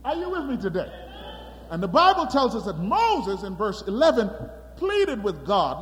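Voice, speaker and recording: Preacher man, animated and emphatic, high lively voice, long hall echo. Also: measured pace. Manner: animated, emphatic, calls out to congregation. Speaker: pastor. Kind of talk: sermon.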